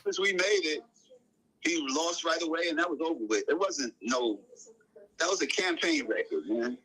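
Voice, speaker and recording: A man, a guest on a talk show, telling a long story in a relaxed, casual way. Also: fairly high pitch, normal speed, breathy edge, rough recording. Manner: animated storyteller, acts out quotes in raised voice.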